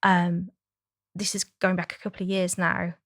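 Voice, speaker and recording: Friendly anecdotal woman panelist, mid pitch, dry sound. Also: completely flat delivery, moderate pace, no echo. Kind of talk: panel discussion, storytelling.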